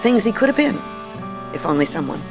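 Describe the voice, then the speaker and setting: A woman's voice: medium pitch, very animated, brisk, gravelly, music in the background, rough recording. An older woman, a Christian speaker, telling a personal story to an audience in an earnest, emphatic way.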